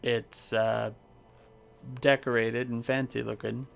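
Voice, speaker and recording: Slow, gravelly male game master, hesitant and filler-heavy over voice chat. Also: medium pitch, little pitch movement, slight background noise. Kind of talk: describing a tabletop game scene.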